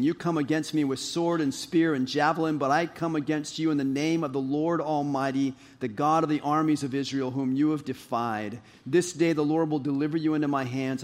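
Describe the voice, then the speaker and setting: A male pastor preaching a sermon, reading scripture and retelling it in an animated storytelling way that swings from loud to soft. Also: on the high side, brisk, few pauses.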